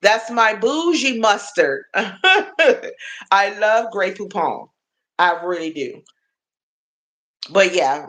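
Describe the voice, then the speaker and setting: On her livestream, a woman in her forties talks with a fairly low yet slightly bright voice. Affectionate and motherly, she chats casually, laughs frequently, and addresses viewers by name.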